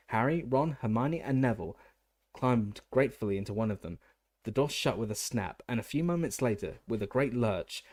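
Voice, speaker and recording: A man's voice: medium pitch, a little mellow, no echo. A man reading a fantasy novel aloud as an audiobook narrator, often stumbling and restarting words.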